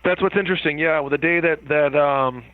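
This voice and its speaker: A man being interviewed as a guest, talking in a rambling, animated way and laughing now and then. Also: on the high side, fairly quick, dry recording. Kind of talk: interview over the phone. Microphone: phone. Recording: tinny phone line.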